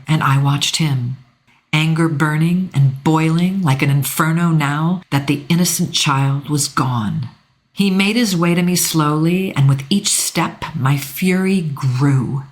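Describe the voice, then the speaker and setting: A woman narrating a first-person romance audiobook in an expressive, emotional reading. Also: low-pitched.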